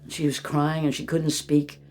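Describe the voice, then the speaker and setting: A spiritual channeler telling a story gently, calling the listener beloved and sinking into a soft whisper. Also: medium pitch, level tone, moderate pace.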